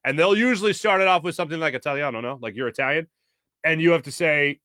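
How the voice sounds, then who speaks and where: Here a U.S. sports talk show host goes through viewer comments, talking casually with many fillers. He speaks fast in a slightly high, sharp voice, and the studio recording is clean and dry.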